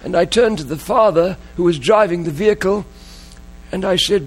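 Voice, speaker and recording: A man's voice: sits high, normal speed, slight background noise. A man preaching a sermon, telling a story in an emotional way and repeating key phrases. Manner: emotional, repetitive, dwells on phrases.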